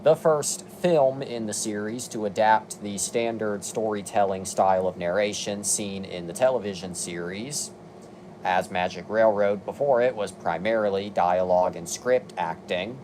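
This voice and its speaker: A man's voice: fairly low pitch, normal speed, darkish tone, slight background noise. Exasperated young man reading trivia lists. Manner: dry, exasperated asides while reading lists. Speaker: video commentator. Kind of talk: casual review commentary.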